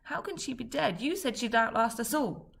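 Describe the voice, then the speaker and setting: Brief: woman reading as a distraught young boy, pitched up and raspy, storybook. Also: animated, moderate pace, a bit bright, a little hiss or hum. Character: upset young boy, blunt and excitable.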